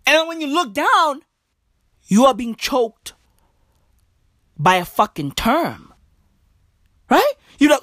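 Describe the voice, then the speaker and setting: Woman slow, swooping profane comedic rant. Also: high-pitched, very animated, fairly bright tone, no room sound, clean studio sound. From Africa. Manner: profane, emphatic, slangy, repeats "bruv" and "broski".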